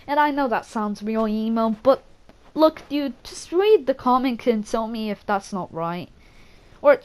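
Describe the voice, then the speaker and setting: A woman giving her casual, rambling opinions on game characters, excitable and swearing, often stopping to correct herself. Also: a little high, low-quality recording. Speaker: gaming channel creator. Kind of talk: casual gaming opinion talk.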